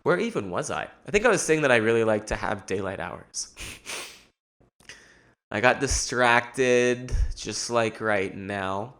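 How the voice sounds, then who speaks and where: A man's voice: lowish voice, animated, slow pace, fairly bright tone. Rambling, jokey male podcast host. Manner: rambling and jokey, lots of restarts. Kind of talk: casual solo podcast chat.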